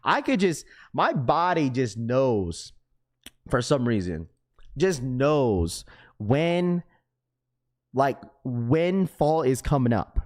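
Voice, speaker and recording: Raspy laid-back man streaming live. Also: mid-range voice, sing-song, slow pace. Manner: laid-back, slangy, full of fillers; reads chat messages aloud. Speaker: sneaker livestream host. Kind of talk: casual livestream chat.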